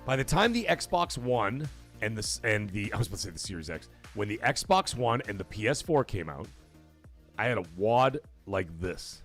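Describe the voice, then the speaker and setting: A man's voice: fairly low pitch, very animated, moderate pace, a bit bright, soft background music. A man hosting a casual live gaming stream, blunt and profane, talking straight to his chat. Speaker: livestream show host.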